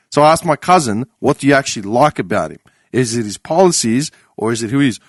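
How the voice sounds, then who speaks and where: A man, co-hosting a casual podcast and telling a story with lively energy and plenty of swearing. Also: medium pitch, fast, no room sound, clean studio sound. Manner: animated storyteller, swears freely. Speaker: podcast co-host.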